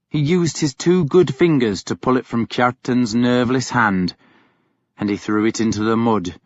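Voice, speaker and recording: A man reading an audiobook as scripted first-person narration, grave and measured. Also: medium pitch, dry recording. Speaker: audiobook reader. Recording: dull, dry studio recording.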